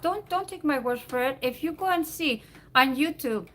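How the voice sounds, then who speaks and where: A woman's voice: high voice, lively intonation, moderate pace, bright, forceful tone. A woman vlogger answering viewer comments in an argumentative, lecturing way, often repeating words and restarting sentences. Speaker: political science graduate. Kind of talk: vlog reply to viewer comments.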